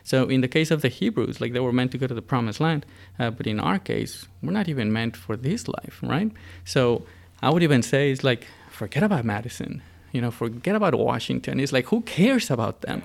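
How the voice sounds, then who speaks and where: An American man with a gravelly, mid-range voice talks a little fast and expressively in a casual religious discussion. He speaks earnestly, full of fillers and restarts, and builds his points emphatically.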